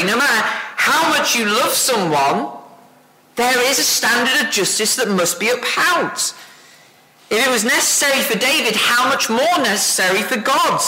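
A man's voice: very high-pitched, pushed and bright. A man preaching an expository sermon, earnest and building to emphatic insistence. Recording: echoey room.

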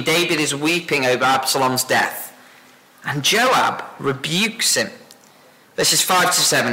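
A man's voice: medium pitch, bright, forceful tone. A man preaching an expository sermon, earnest and building to emphatic insistence. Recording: echoey room.

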